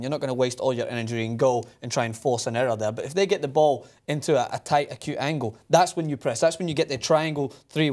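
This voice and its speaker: A man, hosting a casual sports chat show and breaking down football tactics with teasing banter. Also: mid-range voice. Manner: quick, animated football analysis with teasing banter.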